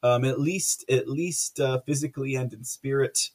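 A man's voice: mid-range voice, steady tone, moderate pace, darkish tone. A man hosting a political livestream, chatting casually and rambling through viewer comments with lots of fillers and frequent laughter.

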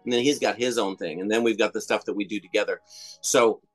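A man's voice: lowish voice, steady tone, fast talker, soft background music. A middle-aged man, a comedian and songwriter, telling stories in a casual interview, rambling with many fillers and restarts.

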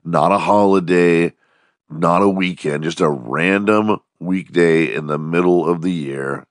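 A man's voice: low voice, a little slow, dry recording, clean studio sound. A man, hosting a casual, profane monologue podcast with a strained, worn-out voice. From Texas. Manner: profane, jokey, animated storytelling. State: strained, losing his voice. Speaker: podcast host.

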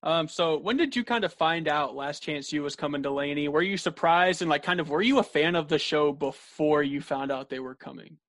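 A man hosting a podcast asks his guest casual, loosely worded questions. His voice sits a little high for a man. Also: brisk, few pauses, fairly bright tone. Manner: easygoing questions with "like" and "kind of". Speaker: podcast host. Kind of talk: casual interview.

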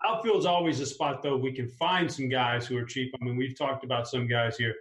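A man hosting a casual fantasy sports chat, upbeat and talking his picks through out loud. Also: medium pitch, steady tone, fairly quick, echoey room, rough recording. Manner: upbeat, talks through a lineup aloud. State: clearing a tickle in his throat. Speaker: fantasy sports show host.

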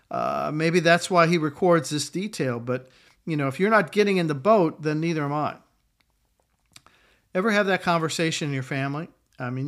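A man's voice: on the high side, fairly bright tone. A middle-aged man preaching a sermon in a conversational way, acting out quotes along the way. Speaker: pastor.

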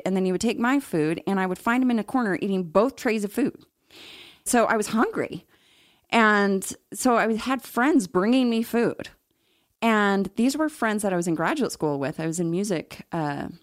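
A woman's voice: medium pitch, dry recording, clean studio sound. A middle-aged woman, an interview guest, telling her personal story in a candid, reflective way with occasional laughs.

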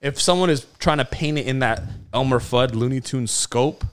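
A man's voice: mid-range voice, moderate pace, clear, resonant tone. A man co-hosting a podcast, joking around casually and swearing now and then. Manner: joking, laid-back, swearing. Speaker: podcast co-host. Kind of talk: casual chat.

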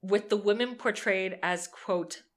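A young woman co-hosting a podcast, telling a true crime story in a lively, sarcastic way and swearing freely. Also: medium pitch, unhurried. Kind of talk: casual storytelling chat.

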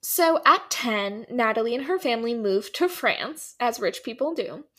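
Chatty higher-pitched woman podcaster. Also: expressive, normal speed, fairly bright tone. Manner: chatty, laughs often, many "like" fillers. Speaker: podcast co-host telling the story. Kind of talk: casual storytelling chat.

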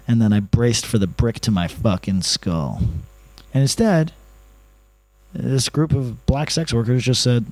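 A man's voice: medium pitch, a little slow, darkish tone, no echo. A man hosting a podcast, telling a comedic story in a rambling, profane, self-mocking way. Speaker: podcast host.

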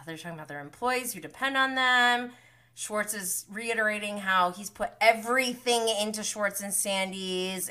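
A woman with a bright, clear tone hosts a live recap of a reality show. She talks casually and bluntly, with plenty of animation, and addresses her viewers directly. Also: medium pitch.

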